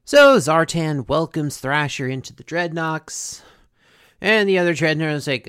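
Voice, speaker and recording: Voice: mid-range voice, expressive, a little slow, a bit bright, clean tone, no echo, studio quality. A host casually recapping a cartoon episode, chatty, with many fillers and asides.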